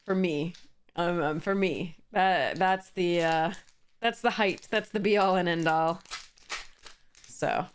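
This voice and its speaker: Chatty young woman with a lowish voice, casual card-opening commentary. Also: takes it slowly, pauses often, slight background noise. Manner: chatty, reads card text aloud, frequent fillers and laughs. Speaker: card game YouTuber.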